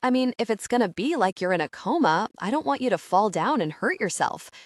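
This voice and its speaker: A woman's voice: mid-range voice, big pitch swings, fairly quick, no room sound, studio quality, close to an everyday voice. A woman reading an audiobook voices an anxious, earnest young boy who keeps asking worried, literal-minded questions. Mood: worried questioning.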